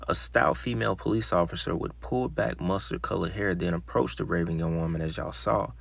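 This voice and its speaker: Man, deep voice, gravelly, dry close mic, reading a mystery article with casual asides. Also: steady tone, brisk, hardly any pauses, a bit bright, no echo. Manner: casual asides between read passages. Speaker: narrator of a mystery video. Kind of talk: reading an article aloud with comments.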